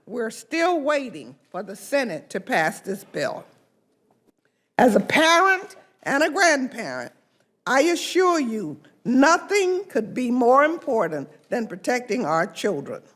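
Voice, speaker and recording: An older woman, a congresswoman, giving an emphatic, deliberate press conference speech. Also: high-pitched, a bit bright.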